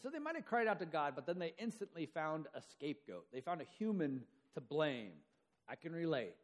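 A man's voice: on the high side, sing-song, brisk. A man preaching a sermon in a conversational way, acting out the quoted voices as he goes. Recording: long hall reverb.

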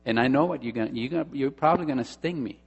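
A preacher voicing a wary, doubtful frog. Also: male voice, mid-range voice, rapid-fire, slightly rough, muffled recording. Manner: doubtful, protesting. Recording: long hall reverb with mains hum.

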